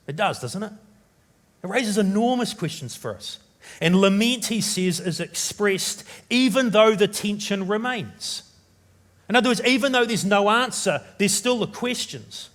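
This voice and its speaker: A man preaching a sermon as pastor, from New Zealand, turning dramatic and loud when he voices the biblical writer's questions. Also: sits high, expressive, a little slow.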